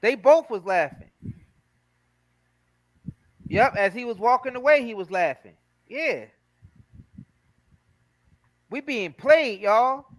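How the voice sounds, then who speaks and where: A man with a high voice hosts a casual talk show, talking emphatically and animatedly with lots of slang. The sound is dry and close. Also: animated, slow pace, pauses often, no echo, poor audio. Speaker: host. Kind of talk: casual chat.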